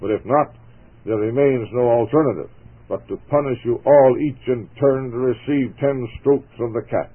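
A stern, commanding army colonel, voiced by a man reading the story aloud. He speaks in formal, measured orders with a plain mid-pitched voice. The sound is thin and boxy, like an old radio broadcast. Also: lightly acted. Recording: tinny phone-like radio broadcast.

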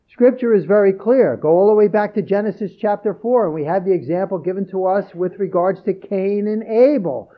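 Male preacher, higher voice, emphatic scripture reading, muffled low-fi audio. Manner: earnest, emphatic, repeats key phrases. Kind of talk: sermon.

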